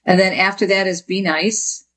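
Woman author from jersey city, animated storyteller, mid-range voice. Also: mid-range voice, normal speed, rough recording. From Jersey City, New Jersey. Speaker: author guest. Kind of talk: interview.

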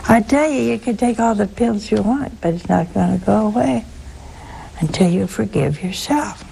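A woman's voice: medium pitch, moderate pace, creaky, a little hiss or hum, poor audio. An older woman giving a religious talk to listeners in a chatty storytelling manner. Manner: chatty, storytelling, lively asides. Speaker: religious speaker. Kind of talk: spoken religious talk to a broadcast audience.

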